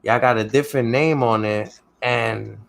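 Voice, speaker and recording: A man's voice: medium pitch, steady tone, unhurried, creaky, rough recording. Laid-back man with a mid-range voice who tells stories in casual chat and keeps checking that the listener follows.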